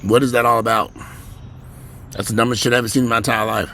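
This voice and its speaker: A man ranting bluntly and profanely to his viewers from home, with sudden loud rises in a voice. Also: medium pitch, fairly even intonation, quick pace, creaky, a little hiss or hum. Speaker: vlogger.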